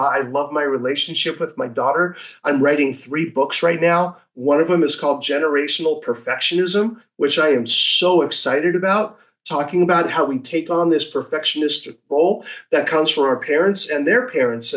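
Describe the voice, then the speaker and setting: A man in his sixties telling stories as a podcast guest, lively and acting out the voices of people he quotes. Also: fairly high pitch. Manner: animated, acts out quoted voices. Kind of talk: casual storytelling.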